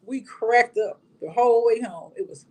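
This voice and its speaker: A woman guest in a casual chat, a lively storyteller given to playful exclamations. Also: on the high side, normal speed.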